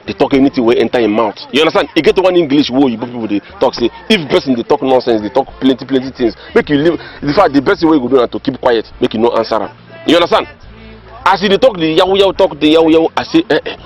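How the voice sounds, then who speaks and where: A man's voice: medium pitch, natural voice. An actor with a Nigerian accent playing a village man who insistently passes on gossip. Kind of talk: Nollywood comedy film acting. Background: faint background music.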